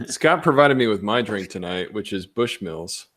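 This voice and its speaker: A man co-hosting a casual podcast, easygoing and quick to laugh. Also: fairly low pitch, lively intonation, a loud crowd. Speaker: podcast co-host.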